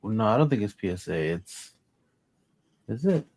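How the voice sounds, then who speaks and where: A man's voice: lowish voice, animated, moderate pace, a little mellow. A man co-hosting a livestream, thinking aloud and musing in casual chat. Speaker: livestream co-host.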